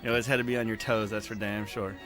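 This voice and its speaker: Bright-voiced male podcast host. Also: lowish voice, little pitch movement, fast, faint music behind. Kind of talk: casual chat.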